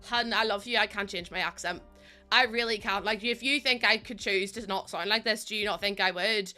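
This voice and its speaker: A woman's voice: medium pitch, fairly quick, bright, forceful tone, faint music behind. A young woman streamer chatting bubbly with her viewers while building in a game, laughing often.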